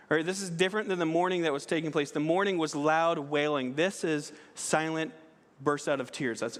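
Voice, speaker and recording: A man with a fairly high voice preaches in a church sanctuary. He talks conversationally, with frequent restarts and a checking "right?". Long reverb from the hall trails behind him. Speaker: pastor. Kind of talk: sermon.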